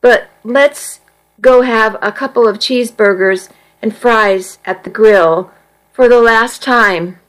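A woman reading as a calm teenage boy. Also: a little high, slow pace, rough recording. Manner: calm, matter-of-fact. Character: teenage boy, easygoing, teasing best friend.

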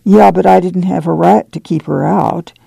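A weary, guilt-ridden farm uncle , as a male narrator puts him on in a storybook reading. He broods slowly in a drawl, his voice gravelly and dark. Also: sits high, fairly even intonation, dry recording, exaggerated voice. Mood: brooding. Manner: slow and brooding. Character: guilt-ridden, tired, sad older farm man.

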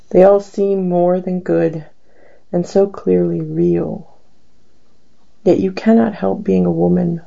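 A woman reading her poems aloud in a slow, measured recitation. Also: lowish voice, gravelly, warm tone, lo-fi sound. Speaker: poet. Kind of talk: poetry reading.

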